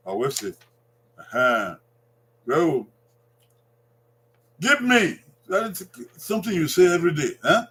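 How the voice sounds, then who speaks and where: Nigerian man, high voice, slow and patient, teaches words by repeating them. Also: big pitch swings, sharp tone, breathy edge. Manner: repeats words slowly, drawing them out for learners. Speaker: language teacher. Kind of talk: language lesson.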